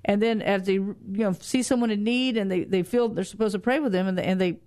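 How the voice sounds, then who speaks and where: A woman's voice: medium pitch, fast talker, a little mellow. A woman co-hosting a Christian radio show, speaking earnestly and encouragingly. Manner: earnest, encouraging, repeats herself. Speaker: radio co-host.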